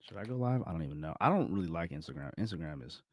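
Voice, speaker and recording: A middle-aged man with a very low voice chats on his own to his viewers, wandering from thought to thought. He backtracks and corrects himself, chuckling as he goes. The sound is dry and close, with no room echo. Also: animated, rapid-fire. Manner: rambling, self-correcting, chuckles often. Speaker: vlogger. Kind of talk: casual solo self-reflection talk.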